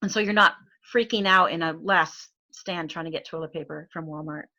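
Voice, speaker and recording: A woman's voice: deep voice, brisk, bright, forceful tone, lo-fi sound. A middle-aged woman from Arizona with an Arizona accent, chatting as a guest, with lots of fillers and frequent laughs. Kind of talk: casual chat.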